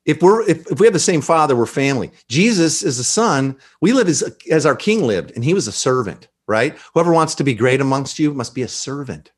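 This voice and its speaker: A man talking about faith in a relaxed interview, animated and preachy, often quoting scripture and acting out dialogue. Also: a little high, a little fast, hardly any pauses, slightly rough. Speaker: pastor guest. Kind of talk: conversational podcast interview.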